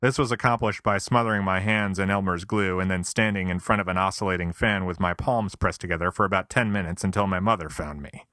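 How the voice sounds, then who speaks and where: A man reads a scripted comic essay in a wry, self-deprecating way, full of mock-earnest asides. His voice sits a little low but has a bright, forceful edge. The recording is close and dry. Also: steady tone, fast talker, few pauses, no room sound. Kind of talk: scripted comedic narration.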